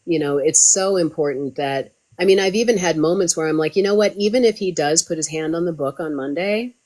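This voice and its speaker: A woman tarot reader hosts a casual spiritual chat in a deep, low voice. She is upbeat and animated, and her pitch leaps high whenever she gets excited, with quick chatty runs in between.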